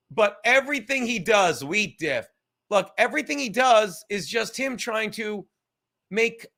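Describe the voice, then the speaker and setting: A man hosting a livestream podcast, rambling loudly and swearing as he reads chat comments. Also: very high voice, vocal fry. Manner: loud, rambling, profane, reading chat comments aloud. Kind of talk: casual chat.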